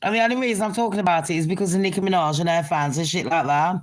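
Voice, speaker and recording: A woman's voice: lowish voice, racing. A woman giving a sweary, mocking commentary vlog, laughing at her own jokes. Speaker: commentary vlogger.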